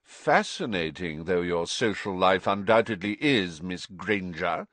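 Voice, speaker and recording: A man voicing a cold, sneering male potions teacher who talks slowly and sarcastically. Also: low-pitched, animated, fairly bright tone, no echo. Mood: icy. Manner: icy, slow and sarcastic.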